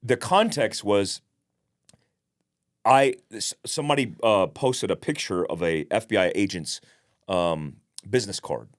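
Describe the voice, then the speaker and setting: A man's voice: on the low side, unhurried. A man co-hosting a podcast, telling stories in a blunt, profane, casual way. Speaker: podcast co-host.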